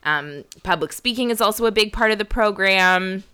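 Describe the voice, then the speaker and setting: A woman's voice: medium pitch, normal speed, pushed and bright, clear, resonant tone. A woman comedian co-hosting a podcast, telling a story in a rambling, jokey casual chat. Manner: rambling, laughs a lot, jokey.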